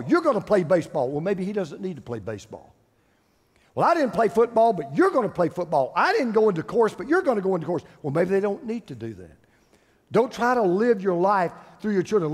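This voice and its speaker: A man's voice: sits high, darkish tone. An older man preaching a sermon as pastor, emphatic, repeating phrases for stress. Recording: long hall reverb.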